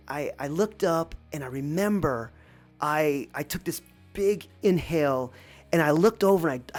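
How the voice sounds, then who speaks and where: Woman with a deep voice for a reflective, meandering personal story; light music underneath. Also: a little mellow. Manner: reflective, rambling, with many restarts.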